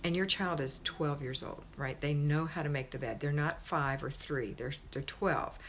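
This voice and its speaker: A woman's voice: low-pitched, moderate pace, a bit bright, slight background noise. A middle-aged woman hosting a live stream, giving homemaking advice in an emphatic, conversational way and often asking "right?".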